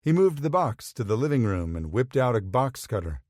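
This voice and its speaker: In clean studio sound and a dry recording, a male audiobook narrator reads a romance story from a script. His mid-range voice stays even and measured throughout.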